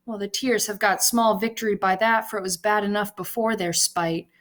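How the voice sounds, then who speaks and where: A woman reading a defiant, desperate teenage girl in a Shakespeare scene, her voice lifting high and impassioned. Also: steady tone, moderate pace, a bit bright, natural voice. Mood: sassy. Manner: high, impassioned, rising to cries.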